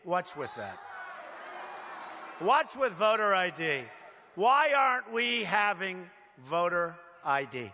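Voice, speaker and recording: A man's voice: high-pitched, very animated, slow, bright, forceful tone. An older man giving a campaign rally speech, emphatic and repetitive, speaking in short punchy phrases from a podium microphone in a large hall. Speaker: political candidate speaking at a rally. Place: large hall, crowd present. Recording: long hall reverb with faint noise.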